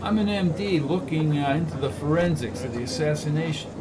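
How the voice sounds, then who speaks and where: Brief: man playing a nervous young doctor, thick New York accent, raised pitch, noisy audiobook recording. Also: expressive, a little fast, close to an everyday voice. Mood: eager. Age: 20s. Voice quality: thick accent, eager, jittery. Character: nervous young male doctor, guarded, distrustful.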